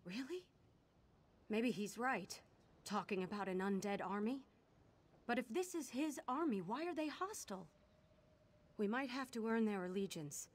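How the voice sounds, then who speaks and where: A commanding knight giving orders, brisk and concerned. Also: female voice, a little high, expressive, husky. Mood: purposeful. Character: woman knight in a fantasy game, concerned, commanding. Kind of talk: video game voice acting.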